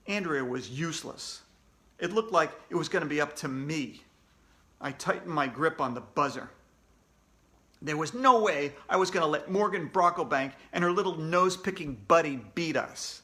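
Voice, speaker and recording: Animated man reading a children's story. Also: a little high, moderate pace. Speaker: author reading his book to children. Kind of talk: children's read-aloud narration.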